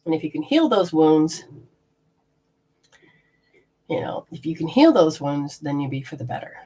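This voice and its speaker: This energy healer has a low-sitting, dark, husky voice and speaks at normal speed while being very animated. Leading a live session, she explains hands-on techniques in a rambling fashion, regularly breaking off partway through sentences.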